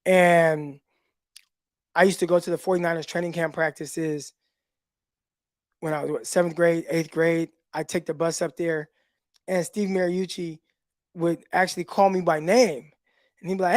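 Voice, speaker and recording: A man hosts a casual livestream and tells his stories with animated energy and laughter. He speaks into a phone, and the sound is dry and close. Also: high-pitched, a little fast, no echo. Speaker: podcast host and former football player.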